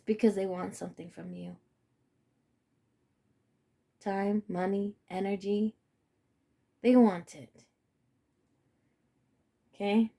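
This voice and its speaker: A woman delivering a casual spiritual reading in a slow, unhurried way. Her voice sits low and mellow, dark rather than bright. She talks bluntly and profanely, and she punctuates her points with "okay?". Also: steady tone, creaky. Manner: emphatic, profane, repeats "okay?".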